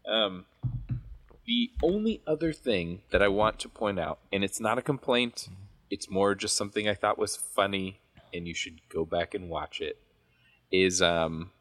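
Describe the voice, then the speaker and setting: Podcast co-host, man, very low voice, chatty and animated. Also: a little slow. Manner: chatty, animated storytelling with laughs. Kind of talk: casual chat.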